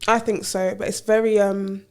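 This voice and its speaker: A woman's voice: medium pitch, moderate pace, smooth. A young woman, a podcast guest telling work stories in casual chat and acting out the people she quotes. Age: young adult. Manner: animated storyteller acting out quoted voices.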